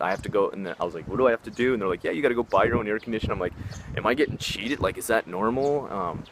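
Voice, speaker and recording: A young man with a lowish voice talks to camera outdoors in a park, rambling loosely with plenty of fillers and casual swearing. Faint traffic and open-air ambience hum behind him. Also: fairly bright tone. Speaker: vlogger giving tips on life abroad. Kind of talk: casual vlog.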